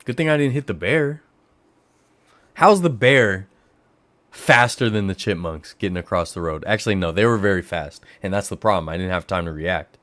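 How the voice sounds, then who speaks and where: A man from the Bay Area of California hosting a livestream, chatting casually and rambling, his voice jumping up high when he gets excited. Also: moderate pace, no room sound. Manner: rambling storyteller who jumps to high excited exclamations. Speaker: livestream host.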